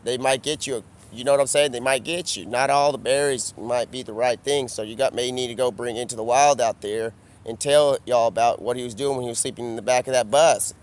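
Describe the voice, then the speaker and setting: A man of middle pitch rambles through a loose, improvised comedy bit outdoors. His talk drawls along in casual slang, tacking "man" onto almost every line. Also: steady tone, a little fast. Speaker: comedic vlogger.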